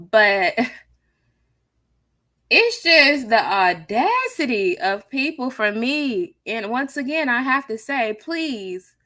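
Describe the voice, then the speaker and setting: A woman hosting a live stream, chatting with her viewers in a sassy, casual way with a soft, near-whispered delivery on a close mic. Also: medium pitch, no room sound. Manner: chatty, sassy, talks to chat as "child" and "honey". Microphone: new close studio mic.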